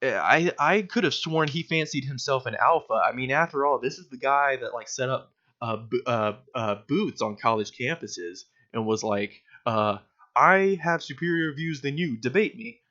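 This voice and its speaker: A man's voice: mid-range voice, normal speed, bright, forceful tone. A young man giving casual, sarcastic video commentary, mocking his target with lots of fillers. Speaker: political commentator. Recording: dull lo-fi recording.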